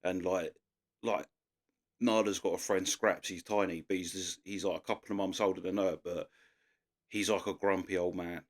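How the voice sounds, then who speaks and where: A man's voice: low-pitched, steady tone, normal speed. An English man hosting a reaction video, chatting loosely and laughing as he comments.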